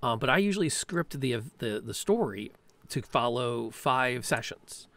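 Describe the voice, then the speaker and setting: A man's voice: mid-range voice, expressive, a little slow, fairly bright tone, dry recording. A man hosting a casual chat, a game master talking playfully about running his games. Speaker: podcast host and game master.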